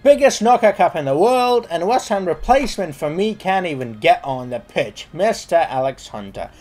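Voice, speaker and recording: Excitable, swearing young gamer man. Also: high voice, moderate pace. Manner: excitable, profane, joking. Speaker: gaming channel host. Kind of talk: let's play commentary.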